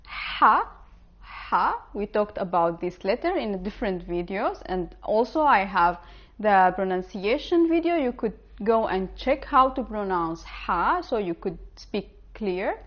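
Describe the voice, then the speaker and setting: A woman's voice: mid-range voice, sing-song, highs cut off. Woman teaching a language lesson. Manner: slow, careful pronunciation of example words.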